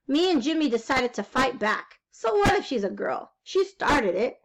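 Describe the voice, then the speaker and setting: A woman reading a children's chapter book aloud in a high voice. She keeps the first-person telling lively and wry, like a kid sharing a story. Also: moderate pace, hardly any pauses, low-quality recording. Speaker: reader.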